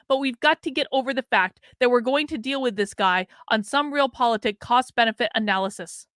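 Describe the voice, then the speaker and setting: A fairly high-voiced woman hosts a commentary livestream, reading news and chat messages aloud. Her remarks turn sharply sarcastic. The sound is dry and close, with no room echo. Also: fairly bright tone. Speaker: livestream host.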